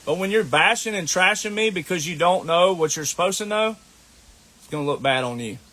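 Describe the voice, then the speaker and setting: A high-voiced man with a Southern US accent rants to camera as an online commentator, scolding and combative, hammering the same points again and again. His delivery is brisk and sharp-toned, with lively intonation.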